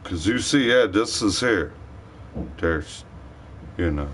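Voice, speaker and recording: A man's voice: low voice, lively intonation, slow, fairly bright tone, slight background noise. A man livestreaming a rambling, profane rant in heavy slang.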